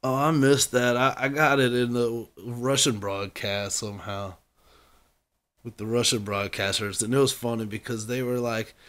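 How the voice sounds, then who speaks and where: A man co-hosts a casual sports podcast, speaking in an animated manner and laughing easily. His voice sits in an ordinary middle range. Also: medium pitch, normal speed. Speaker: podcast co-host. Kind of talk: casual chat.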